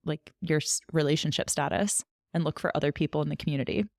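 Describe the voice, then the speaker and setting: A woman's voice: sits low, fast, gravelly, dry recording, clean studio sound. A woman co-hosting a podcast in casual chat, chatty with many fillers and frequent laughs. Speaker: podcast co-host.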